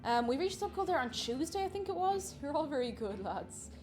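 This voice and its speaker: A woman's voice: high voice, sing-song, fairly quick, darkish tone, soft background music. A woman chatting casually and giggling as she cooks at home and greets her viewers by name. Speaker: cooking livestreamer. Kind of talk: casual cooking livestream chat. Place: home kitchen.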